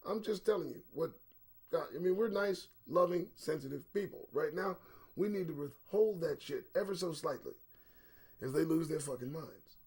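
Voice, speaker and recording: A middle-aged man hosts his own live-streamed commentary show in a casual, blunt manner, cursing freely. His voice sits a bit high for a man and sounds slightly strained. He drifts into low, muttered stretches, then jumps into loud outbursts. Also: moderate pace, slightly rough. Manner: blunt and profane, swinging between low quiet stretches and sudden loud bursts. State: voice recovering from strain.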